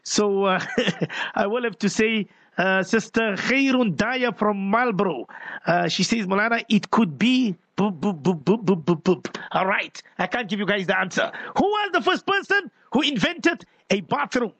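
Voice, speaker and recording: A South African man hosting a radio call-in show, animated, exclaiming as he reads out listener messages at a studio mic. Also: high voice, moderate pace, no room sound.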